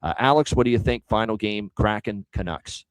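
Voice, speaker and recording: A man's voice: lowish voice, brisk, no echo, low-quality recording. A man hosting a sports betting show, talking through his picks in an emphatic, casual way.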